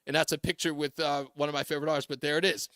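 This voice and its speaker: High bright guy on talk radio, telling a story all animated, dry close studio sound. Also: very fast, no echo. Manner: animated storyteller, quotes people in raised voices, laughs often. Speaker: radio talk show host.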